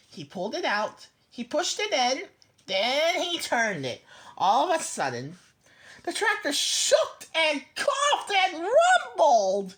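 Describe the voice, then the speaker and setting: A woman reading a children's picture book aloud slowly and expressively, with small stumbles. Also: fairly high pitch, a bit bright.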